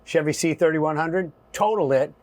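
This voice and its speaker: A middle-aged man telling a story in an interview, animated and acting out voices and asides. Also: fairly high pitch, moderate pace, no room sound. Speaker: guest.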